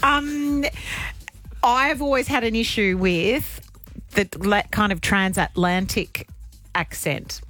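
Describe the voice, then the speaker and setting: A woman's voice: medium pitch, slow pace, bright, forceful tone. A woman co-hosting a radio show, chatting casually and poking fun at herself. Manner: chatty, self-deprecating, laughs easily. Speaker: radio co-host.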